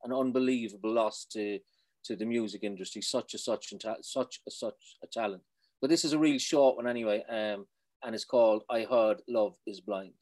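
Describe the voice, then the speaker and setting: A man's voice: fairly low pitch, normal speed, a little mellow. An Irish man, a spoken-word poet, talking earnestly in a casual interview and often repeating words as he goes. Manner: earnest, repeats words while finding them.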